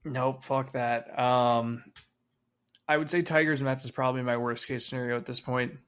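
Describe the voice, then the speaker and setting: A man's voice: mid-range voice, steady tone, normal speed, a bit bright, smooth. A man co-hosting a podcast, talking casually about sports, swearing freely and trailing off with fillers. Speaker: podcast co-host.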